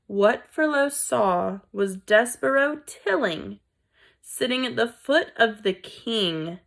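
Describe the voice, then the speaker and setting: A woman reading a children's book aloud in a deliberate storytelling manner. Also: medium pitch, vocal fry, fairly bright tone. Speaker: reader.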